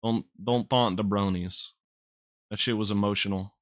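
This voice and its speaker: A man's voice: fairly low pitch, fairly even intonation, moderate pace, a little hiss or hum. A man casually commenting while playing a video game, rambling, joking and swearing as he answers his chat. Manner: rambling, profane, jokey, talks to chat. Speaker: gaming streamer. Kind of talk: casual let's-play commentary.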